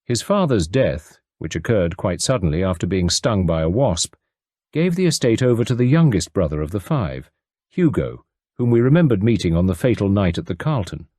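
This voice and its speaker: A man narrating a classic detective story as an audiobook, measured and expressive. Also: on the low side, dry recording, clean studio sound. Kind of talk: scripted narration.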